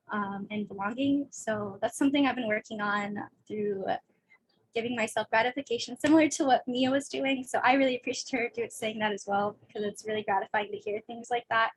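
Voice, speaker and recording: A young woman on a video call, a student panelist speaking candidly in a rushed, nervous way. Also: a little high, slightly rough, poor audio. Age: young adult. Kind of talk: casual panel talk.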